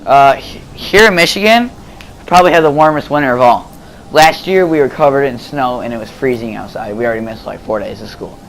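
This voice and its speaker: A man talks over his gameplay footage in a loose, rambling way, stopping for fillers and restarting his sentences. His voice sits at an ordinary middle pitch. A faint hum of room ambience sits behind him at home. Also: fairly quick, a bit bright. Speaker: gameplay commentator.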